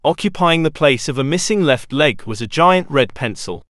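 A man reading a children's storybook aloud in an expressive way. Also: fairly high pitch, moderate pace, dry recording, clean studio sound. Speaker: narrator. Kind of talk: storybook narration.

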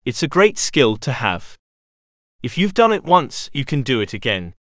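A man's voice: medium pitch, very animated, normal speed, a bit bright, no room sound, clean studio sound. A man voicing an encouraging, upbeat male animal pirate in a storybook. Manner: reassuring, upbeat.

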